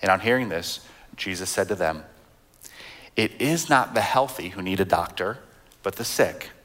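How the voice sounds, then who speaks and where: A man's voice: low-pitched, expressive, normal speed, a bit bright. A man in his thirties, a pastor, preaching a sermon in a conversational way, with fillers and restarts as he reads and explains scripture.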